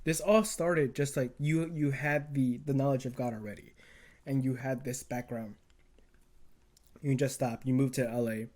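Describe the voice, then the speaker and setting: A young man co-hosting a casual faith podcast, calmly summing up his friend's story in a supportive way. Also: medium pitch, normal speed. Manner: relaxed, supportive listener who sums up his friend's story. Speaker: podcast co-host.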